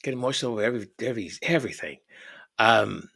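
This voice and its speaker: A man's voice: on the low side, expressive, quick pace, creaky, a bit bright, breathy edge. A middle-aged man hosting his channel, chatting casually and emotionally as he reads viewer comments, often repeating words and hesitating. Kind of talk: casual chat.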